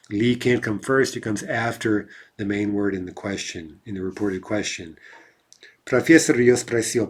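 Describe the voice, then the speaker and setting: Husky-voiced man teaching grammar. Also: fairly low pitch. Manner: tags explanations with a questioning "right?". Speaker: language teacher. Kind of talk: explanatory grammar lecture.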